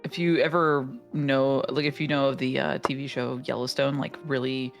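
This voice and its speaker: A man from the United States chatting casually on a stream, halting with many fillers. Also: mid-range voice, little pitch movement, gravelly, soft background music. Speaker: stream guest. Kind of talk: casual chat on a voice call.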